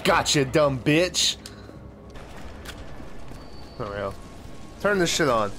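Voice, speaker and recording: A man commentating his own gameplay, excitable and profane, trash-talking the game, yelping and shouting at sudden scares, sometimes laughing as he talks. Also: fairly high pitch, takes it slowly, heavy background noise. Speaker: gaming channel host.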